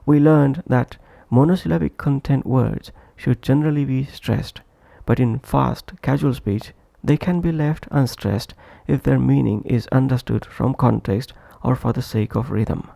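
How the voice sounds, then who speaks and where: A man narrating a scripted pronunciation lesson, slow and deliberate, repeating each example phrase for practice. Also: mid-range voice, gravelly, warm tone, dry recording. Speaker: English pronunciation teacher.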